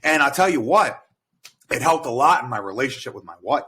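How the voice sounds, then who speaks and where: An American man with a bright, forceful voice, talking casually on a podcast. He tells stories with energy, slipping into the voices of the people he quotes and swearing freely. His pitch sits in an ordinary middle range. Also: fairly quick. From United States. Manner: animated storyteller who acts out quoted dialogue and swears freely. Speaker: podcast guest, military veteran. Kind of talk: casual chat.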